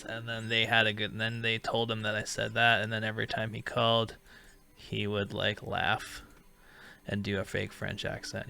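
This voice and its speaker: A man's voice: on the low side, gravelly, bright, forceful tone, clear, resonant tone. A man hosting a call-in talk show, telling rambling anecdotes and laughing through them. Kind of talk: casual storytelling chat.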